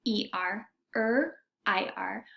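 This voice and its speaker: A woman teacher giving a recorded reading lesson to young students, sounding out letters and vowel sounds with slow, careful diction. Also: medium pitch, vocal fry, fairly bright tone.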